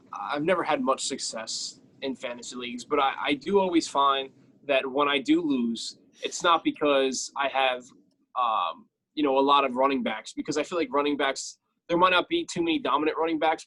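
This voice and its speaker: A man's voice: mid-range voice, moderate pace, fairly bright tone, rough recording. A man co-hosting a casual sports podcast, talking with enthusiasm and repeating his points for emphasis. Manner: enthusiastic, repetitive phrasing. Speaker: podcast co-host.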